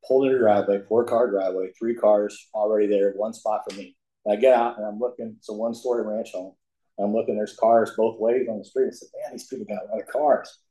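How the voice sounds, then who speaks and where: An older man speaks to a recovery meeting, folksy and emphatic as he tells his story. His voice sits fairly low. The room around him is echoey, like a hall. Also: dark tone.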